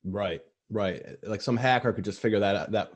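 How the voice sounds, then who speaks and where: At a moderate pace and fairly low pitch, this male podcast host tells stories in a casual, chatty way, complete with false starts, fillers, and impressions of the people involved.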